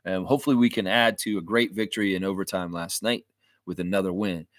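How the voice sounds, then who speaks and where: A man's voice: low voice, steady tone, fast, no room sound. A man hosting a casual sports fan livestream, rambling and self-mocking, often repeating his words. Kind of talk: casual live-stream chat.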